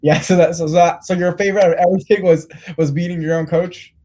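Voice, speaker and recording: Fast, rambling male interviewer. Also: high-pitched, steady tone, mellow. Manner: rambling, many restarts. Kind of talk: casual interview.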